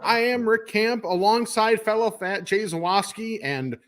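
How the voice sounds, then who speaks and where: A man's voice: sits high, a little slow, fairly bright tone. A man co-hosting a podcast in casual chat, jokey and self-deprecating, recorded in a studio with video cameras. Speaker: podcast co-host.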